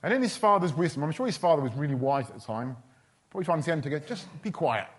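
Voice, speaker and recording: A man's voice: on the high side, lively intonation, rapid-fire. A man preaching a sermon in a chatty, humorous storytelling way. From England. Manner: chatty, humorous, with quoted voices.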